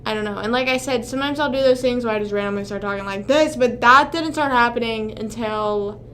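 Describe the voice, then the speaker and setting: A young woman chats loosely with her livestream audience, her voice sitting a little high. She rambles, second-guesses herself and swears freely, over a faint steady hiss. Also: fairly quick. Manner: rambling, swears often, talks to chat. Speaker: livestream host. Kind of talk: casual livestream chat.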